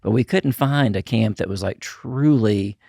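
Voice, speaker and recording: A man guest on a podcast, telling his story in a lively casual way, peppered with "you know" and acting out what others said. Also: fairly low pitch, a little slow, vocal fry, husky, no room sound, studio quality. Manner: animated storyteller, acts out quotes with filler "you know". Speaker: guest, camp ministry founder.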